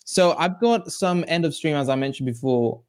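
A man's voice: a little high, animated, normal speed, a little mellow, a little hiss or hum. A man hosting a podcast, chatting casually with a guest and laughing often between hesitant fillers. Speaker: podcast host. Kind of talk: casual interview chat.

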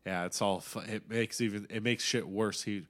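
A young man in casual chat, rambling, swearing often and getting animated when excited. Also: lowish voice, moderate pace.

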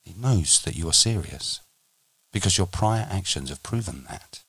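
Deep husky guy teaching meditation on a podcast, slow and deliberate, dry close sound. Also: animated, a bit bright, no room sound.

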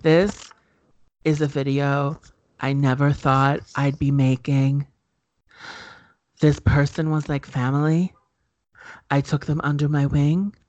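A man's voice: medium pitch, a little mellow, dry recording, highs cut off, natural voice. A man doing a mock-solemn apology-video YouTuber. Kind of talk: parody impression.

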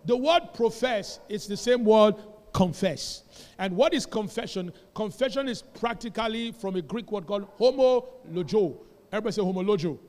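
A man preaching a sermon in a church, animated, often calling the congregation to repeat his words. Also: high voice. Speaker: pastor. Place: church sanctuary. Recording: long church hall reverb.

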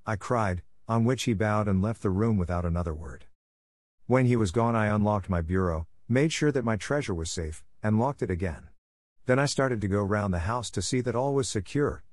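A man reading a classic detective story aloud in the first person, with a measured, dramatic delivery and emphatic outbursts. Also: on the low side, darkish tone, no echo. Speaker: audiobook narrator. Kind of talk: scripted first-person narration.

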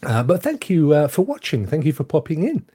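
English male stream host, jokey and chatty, fairly high, husky, very lively intonation. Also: fairly quick, slight background noise. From England. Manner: joking, laughs often, greets viewers. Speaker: livestream host. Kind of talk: casual live-stream chat.

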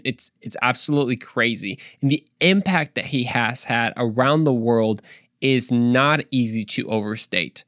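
A man hosting a faith podcast, earnest and animated, repeating points for emphasis and joking in between. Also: mid-range voice, no room sound, studio quality. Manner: playful, tries silly accents, earnest preaching. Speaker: podcast host. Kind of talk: casual faith podcast monologue.

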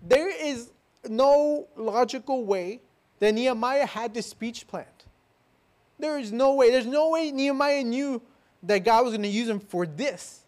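A man with a high-pitched voice delivers a sermon in church. He leans on repetition and rhetorical questions, punching some lines loudly and pulling others down to a soft, intimate hush. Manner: swings between loud declarations and soft, hushed lines. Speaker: pastor.

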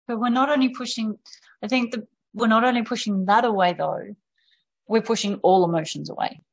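A woman's voice: on the high side, fairly even intonation, brisk, gravelly. A woman speaking as a podcast guest in candid, conversational storytelling, frank and casual, often acting out quoted voices of parents and children.

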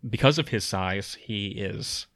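A man running a tabletop game as game master, narrating scenes in a descriptive way with frequent pauses and fillers. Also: lowish voice, creaky, fairly bright tone, dry recording, clean studio sound.

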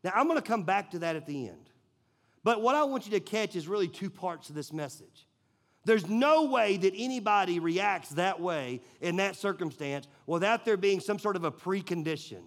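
A man's voice: high-pitched, animated, moderate pace. A man preaching a sermon in a casual, conversational way, telling stories with lots of filler words. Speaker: pastor.

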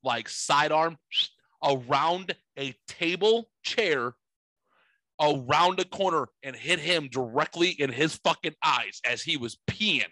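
Guy in his 40s rambling thru a story, swears a ton, sharp bright voice, dry close sound. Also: fairly high pitch, no echo, low-quality recording. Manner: profane, rambling, animated storyteller. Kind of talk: casual storytelling chat.

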